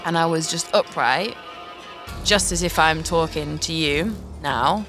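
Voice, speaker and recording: A woman in her thirties tells a deeply personal story in an earnest, reflective way. Short nervous laughs slip in between her words. Music plays clearly underneath her voice. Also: measured pace. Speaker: podcast host.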